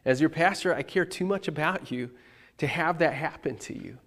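A man, the pastor, giving a conversational sermon, animated and emphatic, talking straight to his congregation. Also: fairly high pitch, normal speed.

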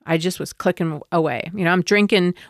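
A middle-aged woman telling a personal story in a rambling, conversational way, turning soft and tender at emotional moments. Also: lowish voice, a little fast, dry recording, studio quality. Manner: conversational, rambling with frequent fillers and asides.

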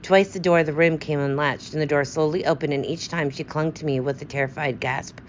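A woman reading a story aloud as its narrator, in a steady, measured way. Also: low-pitched, highs cut off, slight background noise. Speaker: audiobook narrator. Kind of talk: scripted narration.

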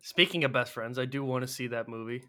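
A man's voice: mid-range voice, fast, bright, forceful tone. A man co-hosting a casual podcast, retelling scenes with swearing and playful impressions of the characters. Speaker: podcast co-host.

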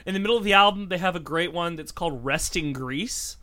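A man's voice: on the high side, fairly quick. A man co-hosting a podcast, chatting casually and telling stories with lots of laughing, restarts and swearing. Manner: animated, laughing storyteller with frequent restarts and swearing. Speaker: podcast co-host. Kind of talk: casual chat.

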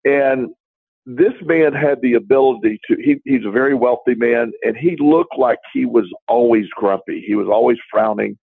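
A man's voice: medium pitch, moderate pace, vocal fry, slightly rough, no echo. A man co-hosting a talk show, telling a long story in a casual, rambling way, with many restarts and quoted dialogue. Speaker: podcast co-host. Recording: dry, tinny phone-like line.

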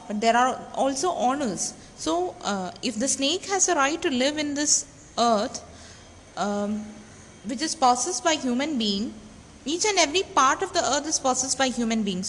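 A woman teaching a literature lesson, explaining a text with frequent pauses and restarts, and reading quotations slowly. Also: high voice, lively intonation, fairly bright tone. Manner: many fillers and restarts, reads quoted passages slowly. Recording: roomy reverb, faint background noise.

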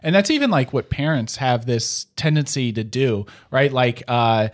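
A man's voice: mid-range voice, animated, normal speed. A man co-hosting a conversation on scripture, talking in a rambling way, restarting his sentences and tagging many of them with "right?". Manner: rambling, self-interrupting, frequent "right?". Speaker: podcast co-host. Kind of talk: casual conversational discussion of scripture.

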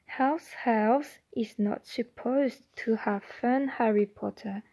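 A woman's voice: slow pace, mellow, low-quality recording. A woman voicing a timid, anxious female house elf servant who speaks with broken grammar and keeps saying "sir". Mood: anxious deferential. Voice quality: squeaky, quivering.

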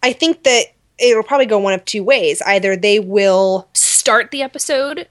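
A woman's voice: medium pitch, no room sound, clean studio sound. A woman co-hosting a podcast, casually recapping a TV episode and playfully acting out the characters' lines. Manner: playful, acts out characters' lines in quick voices. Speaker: podcast co-host. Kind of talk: casual fan review chat.

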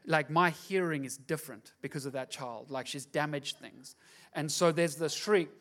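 A middle-aged pastor with a high voice preaches a sermon. He tells the story in a plain, conversational way, then builds to loud, fervent exhortation. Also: moderate pace.

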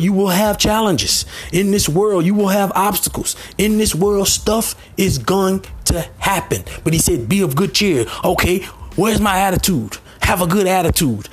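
A man giving a motivational sermon, repeating short phrases and rising to near shouts, with faint music underneath. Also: high voice, moderate pace, husky. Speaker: motivational speaker.

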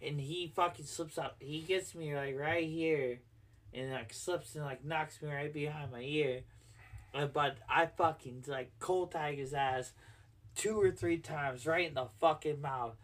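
A man's voice: fairly high pitch, measured pace, fairly bright tone, recorded from a distance. A man co-hosting a casual podcast, telling a bar story in a rambling, profane way full of "like". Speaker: podcast co-host, bar bouncer.

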